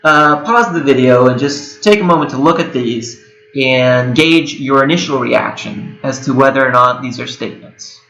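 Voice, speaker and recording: A man in his twenties gives a recorded lecture in a mid-range, slightly bright voice with vocal fry, speaking at normal speed. He talks casually, using lots of fillers and correcting himself as he goes. The room is echoey with a whirring hum, and soft music plays in the background.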